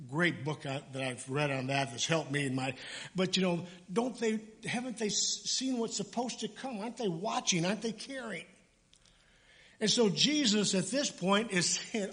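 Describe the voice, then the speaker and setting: A middle-aged male pastor preaches in a high, light voice. He talks in an animated, conversational way, full of asides. His sermon moves between explaining a passage and chatting with the congregation.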